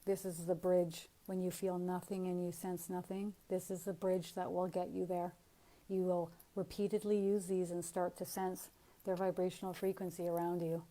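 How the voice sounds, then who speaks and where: Middle-aged woman medium, lively casual storyteller, laughs easily. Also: lowish voice, moderate pace, rough recording. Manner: animated storytelling, frequent laughs. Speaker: spiritual medium. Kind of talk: casual spiritual talk.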